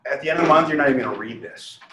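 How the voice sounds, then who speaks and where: Energetic male trainer in an echoey room. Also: on the high side, very fast, highs cut off. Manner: energetic, coaxing, asks the room questions. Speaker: real estate trainer. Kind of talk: classroom training talk. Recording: echoey room from far off, faint hiss.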